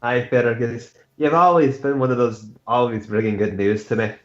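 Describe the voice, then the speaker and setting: A man's voice: mid-range voice, normal speed, close to an everyday voice. A man voicing a friendly, boisterous male knight with a put-on accent and old-fashioned words, in a tabletop game. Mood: hearty. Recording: roomy, slightly dull mic.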